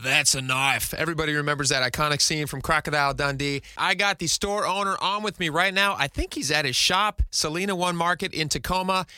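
A man's voice: fairly high pitch, fast talker, few pauses, sharp tone, faint music behind. A male radio talk show host interviewing a guest, upbeat and asking leading questions.

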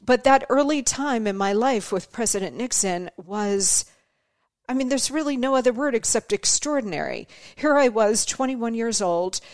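A woman's voice: a little high, animated, moderate pace, no room sound, studio quality. A middle-aged woman hosting her own show, telling stories in a chatty way, laughing often and acting out the voices she quotes. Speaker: podcast host. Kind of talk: casual monologue.

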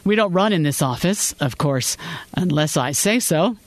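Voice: medium pitch, lively intonation, normal speed, no room sound, close to an everyday voice. A narrator doing a brash joking law boss, man. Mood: brusque joking. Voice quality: bossy, teasing. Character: brash joking male senior law partner. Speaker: senior partner.

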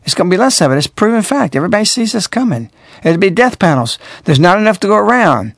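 A man's voice: high voice, very animated, fast talker, creaky, dry recording, studio quality. A man hosting a radio talk show, delivering emphatic, moralizing commentary full of rhetorical questions.

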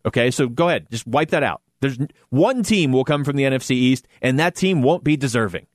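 A man's voice: mid-range voice, expressive, brisk, no room sound, clean studio sound. A man hosting a sports talk show, chatting casually and animatedly about a football team's playoff chances with self-deprecating asides. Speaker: sports radio host.

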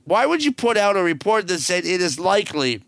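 Ranting podcast host, middle-aged man, gravelly and dry, swings his pitch wildly. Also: a little fast, no room sound. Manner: ranting, sarcastic, animated. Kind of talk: opinionated solo podcast.

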